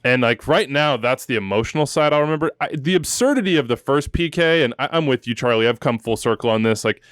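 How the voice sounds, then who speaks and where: A man's voice: mid-range voice, lively intonation, fast talker, few pauses, fairly bright tone, dry recording, studio quality. A man hosting a soccer podcast, telling stories with emotion and joking asides while leading the chat. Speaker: podcast host.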